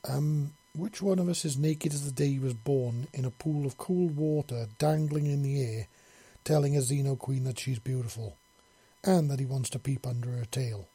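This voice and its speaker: A man's voice: medium pitch, normal speed, warm tone, breathy edge, dry recording. A man voicing an earnest young human man in love, speaking in a heartfelt way.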